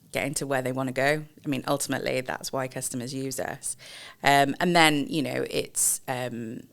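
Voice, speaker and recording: A woman, a customer experience director, explaining in a measured way with frequent pauses and fillers in a podcast interview. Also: extremely low pitch, vocal fry. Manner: measured, explanatory, many ums.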